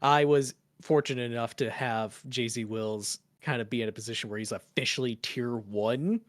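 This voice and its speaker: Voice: mid-range voice, moderate pace, no room sound, studio quality. An esports caster chatting casually, hedging with lots of "kind of" and "like". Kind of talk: casual chat.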